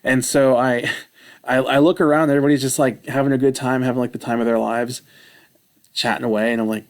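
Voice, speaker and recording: This vlogger's mid-range voice moves at a brisk clip as he spins a rambling personal tale. His retelling is animated and pokes fun at himself.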